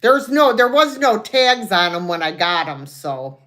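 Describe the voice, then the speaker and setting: A woman's voice: medium pitch, very animated, unhurried, fairly bright tone. A woman hosting a live online sale, chatting in a folksy way, describing items and counting down sales. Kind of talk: live selling stream.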